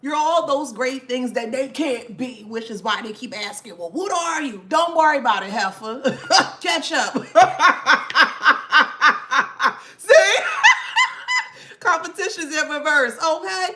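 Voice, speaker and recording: A woman's voice: high voice, lively intonation, slow, pauses often, bright, forceful tone, a little hiss or hum. A woman hosting a casual talk to camera, sassy, laughing often and swearing freely. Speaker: channel host.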